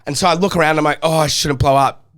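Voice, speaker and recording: Animated swearing man telling a story. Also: fairly high pitch, quick pace. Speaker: podcast co-host. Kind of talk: casual storytelling chat.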